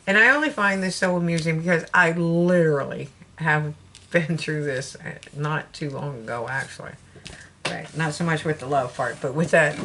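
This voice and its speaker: A woman's voice: sits low, moderate pace, background noise. A woman with a Southern US accent giving a casual tarot reading, chatty, laughing often and breaking off her own sentences. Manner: chatty, laughing, self-interrupting. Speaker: tarot reader.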